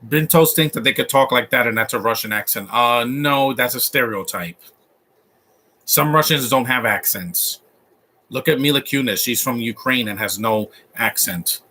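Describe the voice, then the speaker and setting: A man's voice: mid-range voice, normal speed, pushed and bright. A man giving a casual, opinionated live commentary over a movie, rambling with frequent restarts. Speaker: host.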